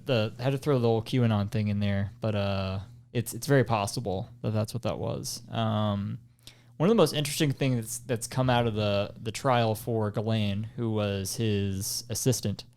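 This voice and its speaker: A man's voice: lowish voice, a little mellow. A man co-hosting a casual podcast chat, explaining things at length with lots of ums and restarts. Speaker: podcast co-host.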